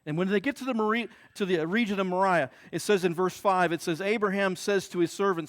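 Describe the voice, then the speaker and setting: A man with a high-pitched voice preaching a Sunday sermon. He talks earnestly and circles back to repeat key words and phrases to drive them home. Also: fairly quick, hardly any pauses. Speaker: pastor.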